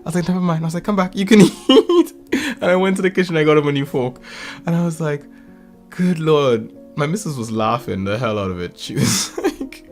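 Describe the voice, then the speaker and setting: A man in his thirties casually telling a lively story about his kids, acting out their lines and laughing often. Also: on the high side, fairly quick, faint music behind. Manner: animated, acts out family quotes, laughs often. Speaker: podcast co-host.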